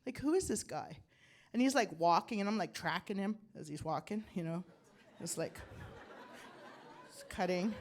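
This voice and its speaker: Rambling older woman doing stand-up. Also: fairly high pitch. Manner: rambling, self-deprecating, laughs at own jokes. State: coughing from bronchitis. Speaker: stand-up comedian. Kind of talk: stand-up comedy set. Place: comedy club stage. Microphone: handheld mic.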